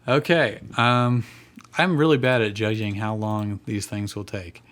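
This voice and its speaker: A man reading fan fiction aloud with dry, deadpan comic timing as co-host of a live show. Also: lowish voice, a little slow. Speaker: reader and co-host.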